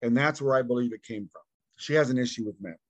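A man's voice: mid-range voice, fast, no room sound, poor audio. A man, a podcast guest, telling his own story candidly and acting out what people said to him, drained and tired after telling it. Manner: candid, animated, acts out quoted dialogue. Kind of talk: emotional personal storytelling.

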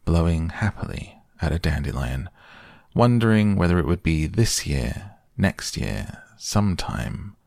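A man narrating a children's story in a soft, slow, calm bedtime reading. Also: extremely low pitch, creaky, no room sound, clean studio sound. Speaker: podcast narrator.

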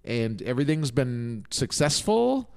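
A man's voice: medium pitch, very animated, measured pace, vocal fry, clean tone. A man co-hosting a casual podcast, chatty and rambling, laughing often and swearing casually. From Minnesota, United States. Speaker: podcast co-host. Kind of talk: casual chat.

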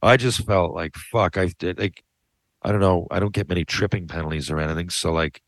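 A low-voiced middle-aged man rambling through a story on his podcast, swearing freely and cutting himself off to circle back. The sound is close and dry, with no room around it. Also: a little fast, dry recording. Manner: rambling, profane, self-interrupting. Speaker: podcast host. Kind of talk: casual storytelling.

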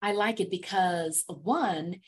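A woman's voice: fairly low pitch, slow, slightly rough. A woman hosting a podcast interview about public speaking, upbeat and emphatic, laughing often. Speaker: podcast host. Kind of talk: conversational interview.

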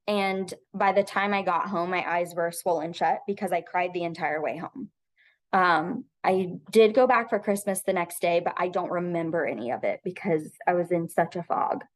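Earnest woman in her thirties telling a personal story. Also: on the low side. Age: 30s. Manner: earnest, heartfelt, halting with frequent ums. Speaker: podcast guest; teacher.

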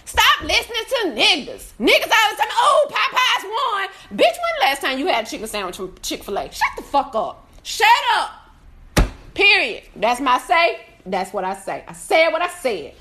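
A woman ranting in a casual review on a live video, loud and profane, often shouting and laughing through her complaints. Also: high-pitched, huge pitch swings, moderate pace, a little hiss or hum.

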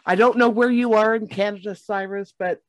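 A woman's voice: medium pitch, steady tone, a little fast, no echo. A woman from Alabama, a guest on a comedy podcast, chatting casually with laid-back, dry teasing.

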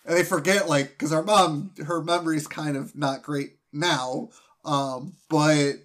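A man's voice: fairly high pitch, steady tone, a little slow, a bit bright. A man co-hosting a podcast, chatting casually and rambling with restarts. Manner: rambling, many restarts and fillers. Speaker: podcast co-host. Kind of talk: casual chat.

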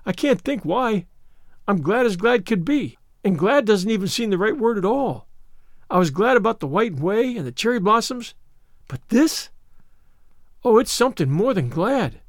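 A man's voice: high-pitched, big pitch swings, brisk, no echo, studio quality, pitched above the performer's own voice. A man voicing an eager, imaginative orphan girl of about eleven in an audiobook, gushing and pleading. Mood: tearfully glad. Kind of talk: audiobook character voice.

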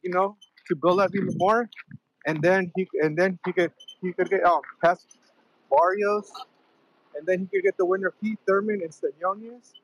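A man's voice: high-pitched, rough recording. A young man calling into a boxing show while out of breath from running, rambling with many fillers. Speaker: caller.

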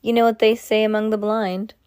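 A woman reading a storybook aloud, giving the lines of a smug, sarcastic male villain who makes calm threats. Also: medium pitch, fairly quick, clear, resonant tone, dry recording, pitched above the performer's own voice, close to an everyday voice. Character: sly menacing male villain chef. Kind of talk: read-aloud storybook dialogue.

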